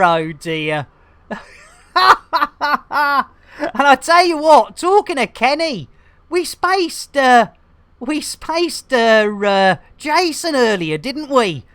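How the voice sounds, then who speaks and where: Jokey woman streamer, lively pitch. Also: very slow, clean tone, dry recording. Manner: playful, punning comedy patter with frequent laughs; showman-like addresses to "ladies and gentlemen". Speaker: game streamer. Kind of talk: live game-stream commentary.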